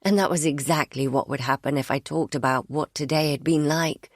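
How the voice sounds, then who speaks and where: A woman narrating a first-person thriller audiobook in a measured, introspective way. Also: sits low, steady tone, no echo, studio quality.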